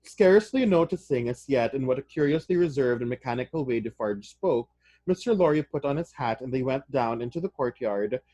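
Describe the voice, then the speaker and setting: A man reading a novel aloud, then breaking off into casual, excited comments to his listeners. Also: mid-range voice, brisk, no room sound. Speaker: reader of a novel.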